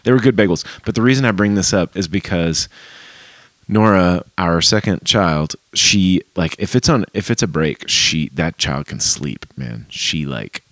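Man, podcast host, low voice, lively pitch, dry close sound. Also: a little slow, no echo. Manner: animated storytelling, voice jumps high for emphasis. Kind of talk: casual podcast chat.

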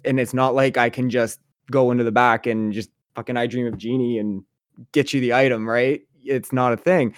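A man's voice: mid-range voice, moderate pace, clean tone, no room sound, studio quality. A man co-hosting a podcast, telling casual stories with lots of swearing and acting out other people's lines. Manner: animated storyteller, swears freely, acts out voices. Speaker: podcast co-host. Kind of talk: casual chat.

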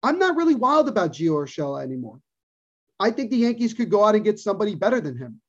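Quick and very animated, a high-sitting male voice drives an opinionated sports rant on a podcast he co-hosts. He restates his points for emphasis, and the recording has a dull, lo-fi podcast quality.

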